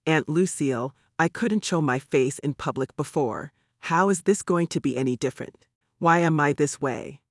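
A man's voice: on the high side, normal speed, no room sound, studio quality. A man reading a blunt curious young girl. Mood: pleading. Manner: blunt, questioning. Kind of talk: audiobook character voice.

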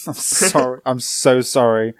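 Deadpan man on a voice call. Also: mid-range voice, moderate pace. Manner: dry, deadpan joking. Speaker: podcast co-host. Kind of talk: casual chat, outtakes. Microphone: home microphone over a voice call.

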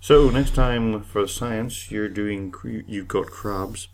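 A man's voice: lowish voice, slow. A man co-hosting a podcast in casual chat, teasing and laughing often. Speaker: podcast co-host.

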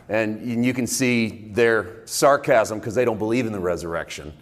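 A man's voice: mid-range voice, fairly quick, few pauses. A male pastor teaching a conversational sermon, explaining scripture in a folksy way with casual sports idioms. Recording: long reverb in a large hall.

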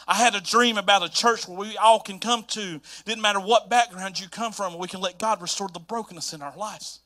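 In this sermon, a man from North Carolina in the US, with a Southern accent, preaches as a pastor, recounting his story with animated energy and repeating key phrases. His voice sits high and sounds bright.

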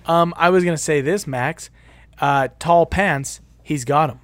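A man with a somewhat higher voice chatting casually on a podcast. He is playful and jokey, laughing along with his co-host. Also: measured pace, no room sound. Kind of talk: casual chat.

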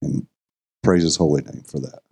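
A man teaching as a guest preacher, earnest and measured, laying out his points in slow, deliberate phrases. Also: a bass voice, creaky, a little mellow, slightly rough. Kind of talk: sermon teaching.

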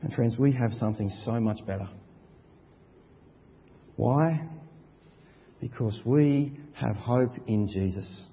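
A man preaching a sermon with earnest emphasis, his voice swinging between soft and loud and repeating words to stress a point. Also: mid-range voice, slow pace, pauses often. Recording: dull recording with long hall reverb.

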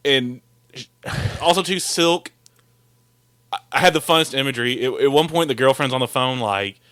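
Brief: man, bright and crisp voice, amused podcast co-host trading jokes about a film. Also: medium pitch, normal speed, no echo. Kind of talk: casual profane movie recap chat.

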